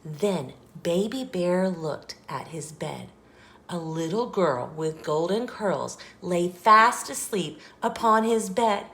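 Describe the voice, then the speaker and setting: A woman hosting a children's channel, reading a picture book aloud with slow, expressive storytelling. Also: fairly low pitch, a little hiss or hum. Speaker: children's story reader and host. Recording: echoey room.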